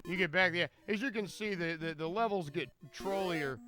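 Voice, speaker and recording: A man's voice: high-pitched, moderate pace, sharp tone, soft background music. A man commentating his own game run live, rambling and joking with frequent stammered restarts.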